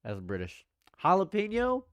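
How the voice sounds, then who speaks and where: A young man in a casual live stream, talking over his reactions and teasing his chat. His voice leaps up into loud exclaimed questions, then drops to quiet mumbling, often repeating himself. The sound is dry and close, with no room echo. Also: huge pitch swings, normal speed. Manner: swings between loud exclamations and low mutters; repeats phrases, banters with chat. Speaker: livestream commentator.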